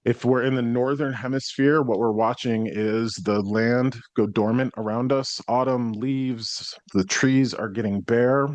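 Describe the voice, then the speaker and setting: An American man hosting a solo podcast as a psychic medium, talking in a reflective, explanatory way and clearing his throat now and then. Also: mid-range voice, steady tone, a little slow, few pauses, a little mellow, dry recording. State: worn out after burnout.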